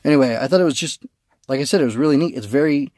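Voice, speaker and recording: A man's voice: medium pitch, racing, darkish tone, no room sound, clean studio sound. A man giving a casual spoken review of a comic, rambling with many fillers and restarts, recorded on a phone.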